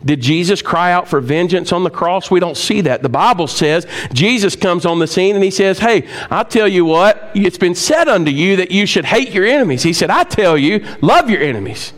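A man preaching a sermon, speaking straight to his congregation with questions, swinging from loud, high emphatic stretches to low, quiet ones. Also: expressive, moderate pace, hardly any pauses. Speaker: pastor.

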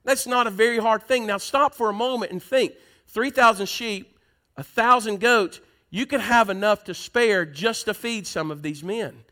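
A man's voice: high voice, normal speed, pushed and bright. A man preaching a sermon in church, reading scripture aloud and asking the congregation questions.

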